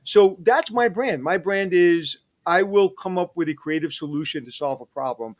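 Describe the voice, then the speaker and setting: Energetic middle-aged man telling stories. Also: high-pitched, moderate pace. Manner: energetic, animated storyteller who digresses. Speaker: interview guest, hospitality executive. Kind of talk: casual storytelling interview.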